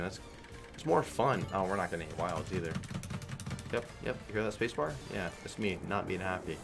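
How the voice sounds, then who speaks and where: Deep-voiced man swearing through commentary. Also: moderate pace, vocal fry, music in the background. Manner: frustrated, swearing, thinking aloud. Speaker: online slot streamer. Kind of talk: casual profane play-by-play commentary.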